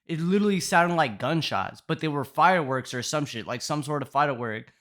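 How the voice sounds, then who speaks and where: A young man with a slightly high voice tells a story in loose, rambling slang, peppered with fillers and swearing. He talks casually, like he is recounting something to friends. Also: animated, brisk, fairly bright tone. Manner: profane slang-heavy rambling with constant fillers. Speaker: vlogger telling a storytime.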